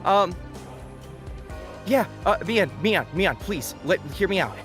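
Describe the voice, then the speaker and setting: A man playing a tabletop game on stream, reacting excitably and stammering as he talks. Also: high voice, slow pace, music in the background. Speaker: player. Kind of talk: casual tabletop game chat.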